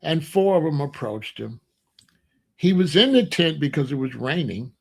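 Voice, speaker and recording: A man's voice: on the high side, big pitch swings, moderate pace, creaky, husky. A middle-aged man hosting his own commentary channel, talking in a casual opinion monologue and telling stories with sound effects and mock voices.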